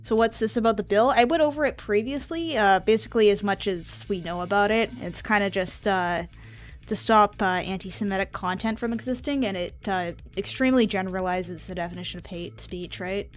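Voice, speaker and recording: A woman's voice: medium pitch, a little fast, faint music behind. A woman streamer chatting casually on a live stream, rambling and offhand with drifting asides.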